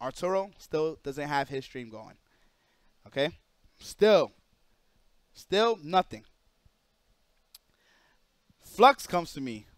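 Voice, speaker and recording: A man streaming live, telling a story in an animated way, emphatic and profane and repeating himself for emphasis. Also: fairly high pitch, slow pace, long pauses, smooth, no room sound, studio quality.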